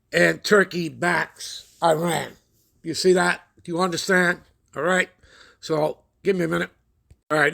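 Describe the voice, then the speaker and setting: Hosting a prophecy channel, a man reads news reports and scripture aloud and comments on them. His voice sits high, gravelly and fairly bright, and he constantly checks in with listeners ("all right?", "okay?"), pausing now and then to look things up.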